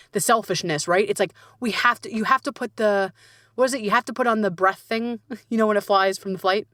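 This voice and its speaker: A woman coach hosting a casual solo podcast, talking in a lively, playful way with frequent swearing and laughs. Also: mid-range voice, no echo, studio quality.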